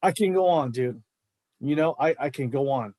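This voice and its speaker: A man's voice: medium pitch, expressive, normal speed, warm tone, dry recording. A middle-aged man, a martial arts coach, talking in a fired-up, emphatic way on a podcast. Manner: fired-up, emphatic, says bro a lot. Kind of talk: casual podcast chat.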